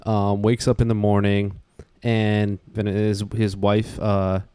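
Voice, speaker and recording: Man, lowish voice, mellow, rambling film recap, dry sound. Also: level tone, slow, smooth, dry recording. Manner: rambling, many fillers. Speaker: podcast co-host. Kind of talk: casual film discussion.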